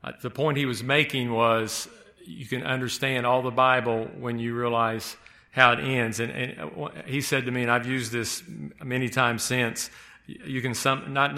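A man preaching a sermon, speaking haltingly with frequent restarts and slowing down to stress key words. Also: medium pitch, sharp tone.

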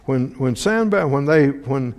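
In a hall with long reverb, a man delivers a sermon in a medium-pitched, darkish, animated voice at normal speed. He reads from scripture and keeps putting questions to the congregation, frequently repeating words when he restarts.

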